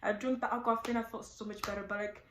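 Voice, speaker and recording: A teenage girl telling her own story in a chatty, animated way, with many fillers. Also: a little high, fast talker, roomy sound, slight background noise, poor audio. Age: teens. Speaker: vlogger. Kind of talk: casual storytime.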